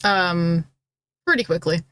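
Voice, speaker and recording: A woman plays a tabletop game and answers the game master in short replies. She speaks slowly in a fairly low voice. The sound is dry and close. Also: a bit bright, clear, resonant tone, dry recording. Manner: brief, unhurried answers. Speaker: player.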